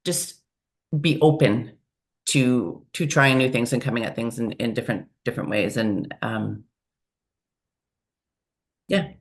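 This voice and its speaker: Low-voiced woman acting out dialogue. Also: unhurried, pauses often. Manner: animated, acts out quoted dialogue. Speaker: guest. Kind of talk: conversational interview. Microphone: video call.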